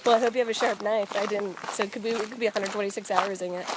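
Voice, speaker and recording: A woman's voice: medium pitch, fairly even intonation, rapid-fire, heavy background noise. A woman chatting casually on a hike, with a dry, wry humor. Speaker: hiking companion. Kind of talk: casual chat.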